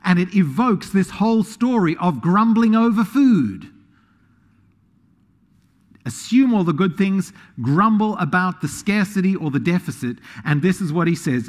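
A man preaching a sermon, animated, swinging between quiet asides and loud emphasis. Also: high voice, normal speed, big-room sound. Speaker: pastor.

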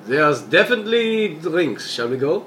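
A man's voice: a little high, very animated, moderate pace, a bit bright. Upbeat guy at a tabletop game, voice bounces around a lot. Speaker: player. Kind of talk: casual tabletop play.

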